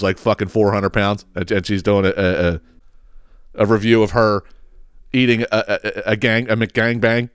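A man's voice: on the low side, clean tone, no room sound, clean studio sound. A man hosting a podcast, ranting with heavy profanity and sarcastic mocking impressions. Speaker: podcast host. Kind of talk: ranting solo podcast monologue.

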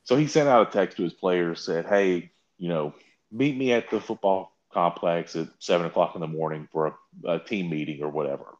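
Very low-voiced man telling stories, casual. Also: moderate pace, dull audio. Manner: animated storytelling, mocking quotes with big pitch jumps. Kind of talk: casual chat.

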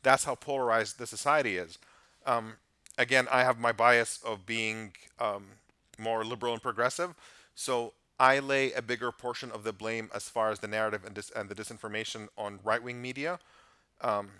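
Earnest man, bright dry voice. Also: mid-range voice, steady tone, clean tone, dry recording. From United States. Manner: earnest, measured, speaks in long reflective stretches. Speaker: podcast guest. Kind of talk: casual podcast conversation.

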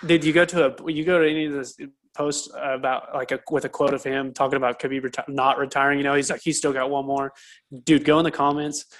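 A man's voice: medium pitch, little pitch movement, fast talker, few pauses, fairly bright tone. A man co-hosting a casual podcast chat, laid-back and rambling, telling stories with lots of fillers. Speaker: co-host.

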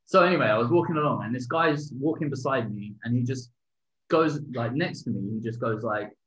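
A man co-hosts a loose podcast chat, telling stories with a joking, profane edge and frequent stammered repeats. His voice sits at an ordinary middle pitch. The sound is a bit dull and lo-fi. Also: a little fast, fairly bright tone, slight background noise. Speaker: podcast co-host. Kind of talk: casual chat and storytelling.

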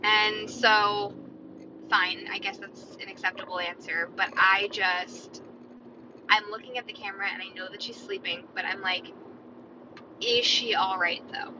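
A woman's voice: mid-range voice, little pitch movement, moderate pace. A woman hosting a podcast alone, chatting casually and rambling to herself. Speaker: podcast host. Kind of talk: solo casual chat. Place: inside a moving car. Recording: muffled, with loud car road noise.

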